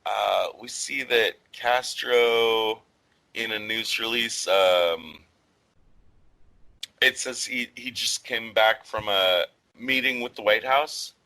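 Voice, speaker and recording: A man talks through a podcast discussion in a loose, rambling way, peppering his sentences with fillers and casual swearing. His voice sits on the low side yet sounds bright and forward. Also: slow pace, rough recording. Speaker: podcast co-host.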